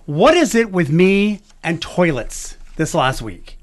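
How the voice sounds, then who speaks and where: A man's voice: high-pitched, slow. A middle-aged man, hosting a morning radio show and telling jokey stories in a casual chat. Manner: animated, jokey storyteller.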